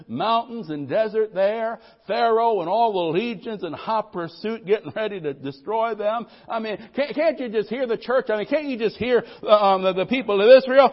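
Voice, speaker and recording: High-voiced preacher on dull lo-fi audio. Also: male voice. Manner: preaching with call-and-response amens, voices people's worries; swings from loud declarations to soft, low asides. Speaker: pastor. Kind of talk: sermon.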